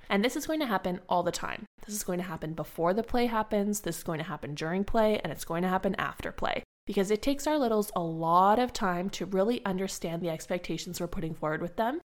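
A young adult woman who works as an early childhood educator gives a calm, encouraging teaching talk to fellow educators. Her fairly low-pitched delivery stays conversational.

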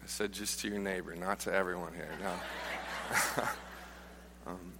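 A man's voice: low voice, level tone, moderate pace, background noise. A man preaching a casual, joking sermon built on personal stories, often restarting his sentences. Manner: humorous, informal, frequent restarts. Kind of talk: conversational sermon with storytelling. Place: church auditorium. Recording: long reverb of a large church hall.

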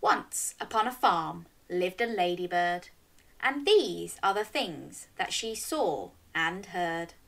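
A woman's voice: on the low side, expressive, takes it slowly, vocal fry, fairly bright tone. A woman hosting a storytime for young children, reading a picture book aloud and coaxing listeners to join in with animal sounds.

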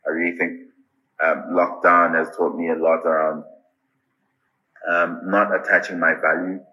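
A man speaking as a podcast guest, earnest and deliberate, often pausing with ums and repeating "I really think". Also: low voice, flat delivery, bright, forceful tone, muffled recording. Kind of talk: casual interview answers.

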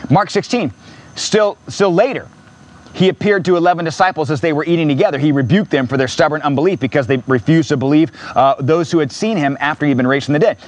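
A man pastor preaching an impassioned sermon in a church, repeating phrases and rising to near-shouts. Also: fairly high pitch, fast.

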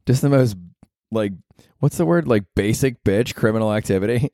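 A man hosting a casual comedy podcast, talking in a sarcastic, profane, animated way into a close mic. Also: on the low side, brisk, no echo. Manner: sarcastic, swears a lot, animated asides. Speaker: podcast host.

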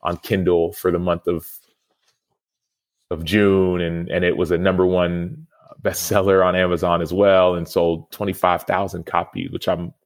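A man's voice: deep voice, level tone, normal speed. A man in his thirties, a podcast guest and former football player, telling a personal story in an earnest, reflective way. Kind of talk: storytelling interview answer.

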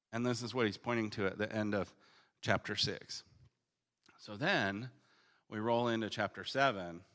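A man teaching through a Bible passage in a casual, conversational way, paraphrasing the text in slangy voices and swinging between emphatic bursts and quiet reading. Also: medium pitch. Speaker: preacher teaching on the Gospel of Luke.

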